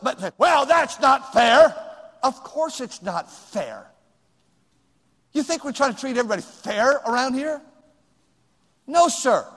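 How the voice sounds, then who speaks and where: An older man preaching a sermon as pastor, swinging from hushed asides to sudden shouts. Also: high voice, big-room sound.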